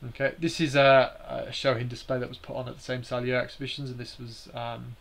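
A man's voice: mid-range voice, flat delivery, brisk, creaky, a bit bright, slight background noise. A man hosting a live stream, explaining slides in a hesitant way with many fillers and restarts.

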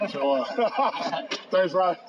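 A man in his fifties, a podcast guest, telling a long anecdote with lively acted-out dialogue and frequent "bro.". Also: sits high, extremely slow, crowd noise. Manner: lively storyteller acting out both sides of phone calls, says "bro" often. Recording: distant, dull and noisy.

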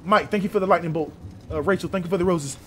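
A man's voice: high-pitched, fast, a bit bright. A young man streaming a game live, commenting in an exasperated, profane way and repeating himself. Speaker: gaming streamer.

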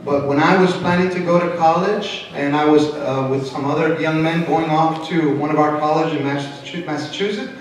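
A middle-aged man preaches a sermon with animated delivery and a fairly high voice. He is picked up from some distance in a very echoey church hall. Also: moderate pace, hardly any pauses. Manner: animated, switches into Spanish, acts out quotes. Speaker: pastor. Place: church sanctuary.

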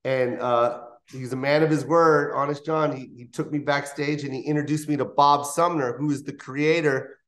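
Pitched on the high side, this man talks at a moderate pace and barely pauses. He's a comedian in his fifties telling stories as an interview guest in a studio, performing the voices of the characters in his anecdotes with animation.

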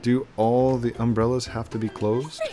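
A man's voice: medium pitch, little pitch movement, normal speed, music in the background, lightly acted. A man voicing an easygoing male surfer-dude resort worker in a video game. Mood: worried.

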